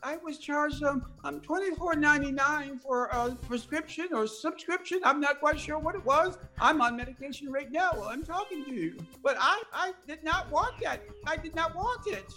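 A woman voicing her own frail, dazed self just after surgery, with a halting, stammering, breathless way of speaking. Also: sits high, expressive, bright, forceful tone, faint music behind, voice pushed up. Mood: frail, pleading.

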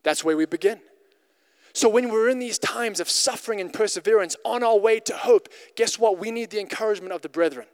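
High-voiced male pastor, casual and emphatic sermon with lots of stuttered restarts, long hall reverb. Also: a little fast. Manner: repetitive restarts, conversational and emphatic.

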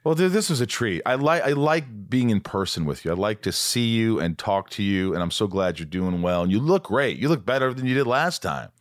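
50s guy hosting a podcast, low voice, dry close sound, keeps repeating himself for emphasis. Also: expressive, a little fast, few pauses, no echo. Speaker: podcast host. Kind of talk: casual conversational interview.

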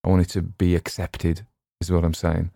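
A man's voice: low voice, completely flat delivery, normal speed, vocal fry, warm tone, dry recording, studio quality. A man with a West Cumbrian English accent, chatting casually and digressively as a podcast host and audiobook narrator. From West Cumbria, England. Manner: chatty, digressive, self-deprecating. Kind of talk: casual rambling chat.

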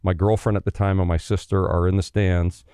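A middle-aged Canadian man, a former pro hockey player appearing as a guest, tells stories in a fairly low, clear, resonant voice, close-miked and dry with no room sound. He's loose, animated and brisk, swearing freely and imitating the people he quotes.

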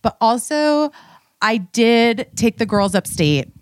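A woman's voice: on the high side, lively intonation, takes it slowly, clear, resonant tone, no room sound, clean studio sound. A woman in her thirties co-hosting a candid casual chat, rambling and emotional, and swearing freely. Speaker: podcast co-host.

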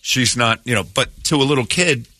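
A man's voice: medium pitch, fairly quick, sharp tone, no room sound, studio quality. A man hosting a morning radio show, telling a rambling, self-amused story and acting out the quotes in exaggerated voices.

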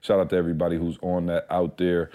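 A man's voice: low-pitched, level tone, fast talker, warm tone. A young man co-hosting a podcast, chatting casually in a laid-back, slangy way. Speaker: podcast co-host. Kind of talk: casual podcast chat with ad read.

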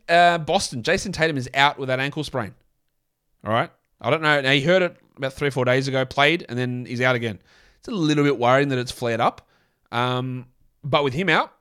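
A man's voice: mid-range voice, fairly bright tone. A man with an Australian accent hosting a casual sports podcast, talking bluntly and chattily and swearing freely as he rambles through his picks. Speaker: podcast host.

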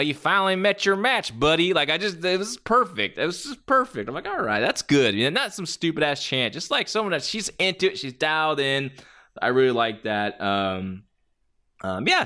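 Lively, rambling man reviewing matches. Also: medium pitch. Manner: rambling, many fillers and restarts; blunt, opinionated. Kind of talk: casual spoken review.

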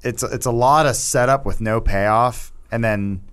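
A man's voice: mid-range voice, unhurried, a bit bright, smooth. A man co-hosting a movie podcast, talking casually and joking about scenes, laughing at his own lines. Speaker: podcast co-host.

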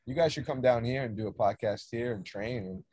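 A man, a soccer coach, telling a story in casual chat, animated, swearing freely and acting out the dialogue. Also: mid-range voice, a little fast, husky, no echo. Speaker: soccer coach, podcast guest.

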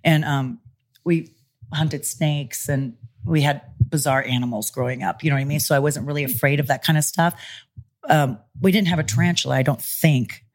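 Low-voiced woman telling lively stories. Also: normal speed. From California. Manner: animated, acts out quoted voices. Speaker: interview guest, former pro wrestler. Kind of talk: casual storytelling interview. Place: studio in Los Angeles.

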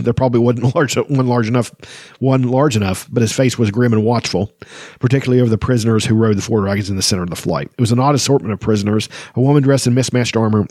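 A chatty man rambles through a book discussion, stopping often for ums and you-knows as he reads passages aloud. His voice sits at a middle pitch and sounds close and dry, with no room around it. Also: a little mellow, no echo. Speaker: book discussion podcast host. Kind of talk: casual book reading and commentary.

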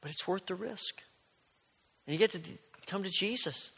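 A man preaching a sermon in a conversational, storytelling way, sometimes dropping his voice to a soft near-whisper. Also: high-pitched, lively intonation, moderate pace, creaky, slightly rough, in a large hall. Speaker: pastor.

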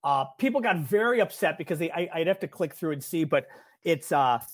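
A man co-hosting a podcast, talking in a rambling, chatty way about politics and quick to agree with his partner. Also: a little high, lively intonation, slight background noise. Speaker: podcast co-host. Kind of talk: casual political chat.

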